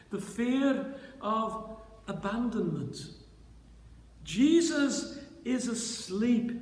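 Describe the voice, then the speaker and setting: A man preaching a sermon in a church, dramatic, at times raising his voice to a shout as he voices the disciples' cries. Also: sits high. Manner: dramatic, voice rising to shouts when voicing the disciples. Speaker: pastor. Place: church sanctuary. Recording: roomy church reverb.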